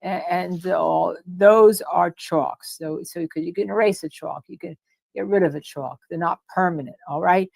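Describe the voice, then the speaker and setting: A woman with a strong New Jersey accent hosts a casual livestream, her voice low and gravelly. She talks in an animated, repetitive way and reads chat comments aloud. The sound is dry and close, with no room echo. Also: moderate pace. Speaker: livestream co-host discussing a court case.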